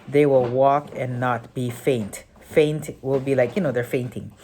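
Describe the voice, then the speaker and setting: Talk as a woman with a very deep voice giving a casual spoken tutorial, thinking aloud with lots of fillers and correcting yourself as you go. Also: fairly even intonation, unhurried, warm tone, slight background noise. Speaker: memory technique tutor.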